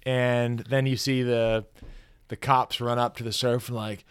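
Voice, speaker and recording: A man co-hosting a casual movie review podcast, retelling scenes and quoting characters in a relaxed drawl. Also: medium pitch, measured pace, clear, resonant tone. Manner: chatty, quotes characters in a laid-back voice. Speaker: podcast co-host.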